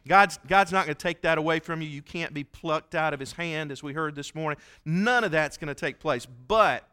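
A preacher delivering a sermon in a church, his bright, tense voice sitting a little high for a man. He tells stories in an earnest, folksy way, warm with the congregation. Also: normal speed, clear, resonant tone. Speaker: pastor.

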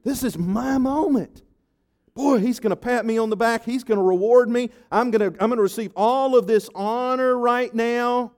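A man's voice: extremely high pitch, animated, unhurried, vocal fry, few pauses, dark tone, husky, pitched above the performer's own voice, exaggerated voice. A man preaching, voicing a proud male royal official who brags eagerly about the honor he expects. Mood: gloating. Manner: eager, boastful.

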